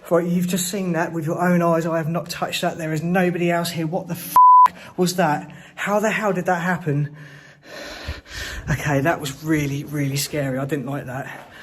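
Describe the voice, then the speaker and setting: A man exploring an abandoned hospital at night, hushed and frightened, swearing and shaking with fear as he talks to his camera. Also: fairly high pitch, steady tone, normal speed. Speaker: urban explorer. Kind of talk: whispered solo vlog. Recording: noisy handheld camera audio.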